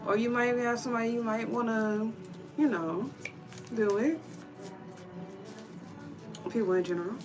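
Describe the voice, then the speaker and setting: A woman's voice: on the high side, measured pace, pauses often, music in the background. A woman giving a casual tarot reading to her viewers, chatty and encouraging, calling them y'all. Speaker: tarot reader.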